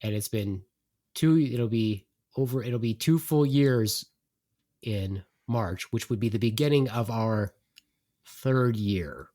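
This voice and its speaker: A man's voice: lowish voice, takes it slowly, mellow. Teasing man podcast host. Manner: teasing, mock-grand announcing. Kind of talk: casual livestream banter.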